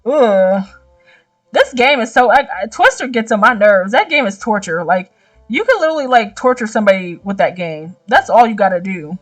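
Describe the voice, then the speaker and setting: Young woman gamer, narrating a visual novel and riffing in slang; soft background music. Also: mid-range voice, moderate pace, recorded from a distance. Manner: animated, slangy reactions and exclamations. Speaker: gaming YouTuber. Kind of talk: reading a visual novel aloud with commentary.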